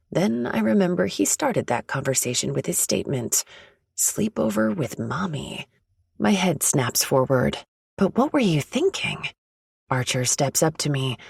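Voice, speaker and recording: A woman reads a romance audiobook in the first person, soft and intimate. Her voice is husky with a gravelly creak, and the sound is dry and close to the mic. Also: rumbling low, no room sound. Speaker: audiobook narrator.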